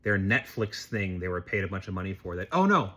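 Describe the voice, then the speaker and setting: A man vlogger telling a personal story as political commentary, in an expressive, animated way. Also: low voice, fairly quick.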